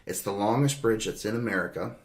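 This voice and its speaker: A young adult man with a fairly low, fairly quick voice hosts a podcast, spinning a long, rambling road-trip story full of profanity. He laughs through his anecdotes as he goes, in a casual storytelling mode.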